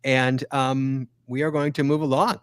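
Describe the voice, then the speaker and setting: A man's voice: mid-range voice, little pitch movement, a little slow, a bit bright, clear, resonant tone, no room sound. A man hosting a casual podcast, talking in a rambling, stop-start way. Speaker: podcast host.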